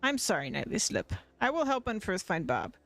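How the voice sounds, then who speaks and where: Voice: medium pitch, very animated, moderate pace, fairly bright tone, soft background music. A streamer reading a solemn wise woman. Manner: formal, solemn. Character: solemn wise woman who understands cats.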